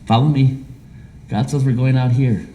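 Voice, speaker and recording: A man's voice: mid-range voice, moderate pace, slight background noise. A man preaching a sermon as pastor of a small church, with a Midwestern American accent, who acts out imagined conversations. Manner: animated, acts out imagined dialogue.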